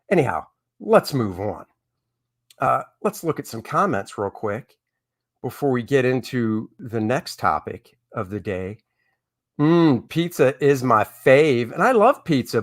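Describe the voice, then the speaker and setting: A middle-aged man chats on a live stream with a lively, swooping delivery, his voice sitting a little higher than most men's. He rambles through the topic with blunt, candid opinions. The tone is an unscripted, casual one. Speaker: comic artist hosting a live stream.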